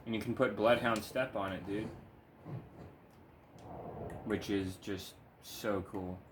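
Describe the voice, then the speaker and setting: A man's voice: on the low side, fairly even intonation, slow pace, background noise. A man giving casual, laid-back gameplay commentary at home, swearing freely and cooing at his cat between remarks. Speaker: gaming video creator. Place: home room.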